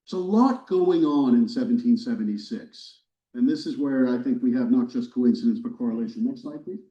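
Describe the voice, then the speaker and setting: A man, a history professor, giving a relaxed, wry lecture to a church audience, with casual fillers and restarts. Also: mid-range voice, fairly quick. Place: church hall, recorded live. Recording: roomy, distant, dull lecture recording.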